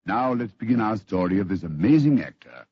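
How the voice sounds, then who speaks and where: Lively, low-voiced man telling a radio story. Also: brisk. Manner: dramatic, theatrical storytelling. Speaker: storyteller narrator. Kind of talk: scripted radio narration. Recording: lo-fi old radio recording.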